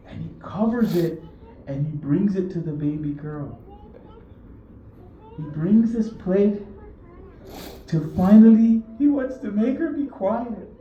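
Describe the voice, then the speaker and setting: A woman's voice: lowish voice, muffled recording, a little hiss or hum. A woman reciting an emotional religious eulogy with tearful, repetitive storytelling, heard from a distant mic in a mosque hall. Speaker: majlis reciter.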